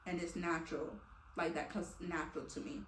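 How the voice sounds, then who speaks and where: A woman's voice: on the low side, little pitch movement, a little fast. Woman, casual heartfelt venting, rambling fillers, roomy echo, faint background hum. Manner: rambling, many fillers, laughs between thoughts. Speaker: vlogger. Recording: echoey room, a little far from the mic.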